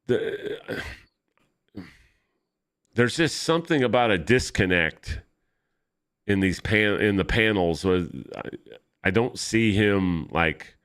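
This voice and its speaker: Deep, slow-talking man rambling about comics. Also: fairly bright tone. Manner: rambling, nitpicky, self-correcting. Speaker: comic book vlogger. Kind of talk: casual commentary while flipping through comics.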